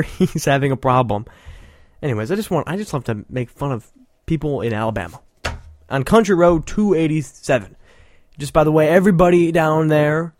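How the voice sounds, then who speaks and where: A man's voice: fairly high pitch, darkish tone, no room sound, clean studio sound. A man hosting a show, giving casual, sarcastic, rambling commentary with frequent laughter. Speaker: podcast host.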